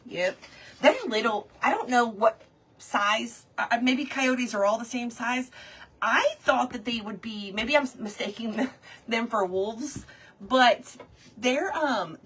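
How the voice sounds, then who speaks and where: A chatty woman talks to viewers while she crafts, reading their comments aloud and laughing often. Her voice sits fairly high with a husky edge, and her delivery is animated. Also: unhurried. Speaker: crafter livestreaming a project. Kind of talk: casual livestream chat while crafting.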